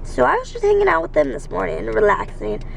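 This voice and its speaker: Young woman with heavy vocal fry. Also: a little high, very animated, quick pace, a little hiss or hum. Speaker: vlogger. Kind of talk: casual vlog chat. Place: in a car.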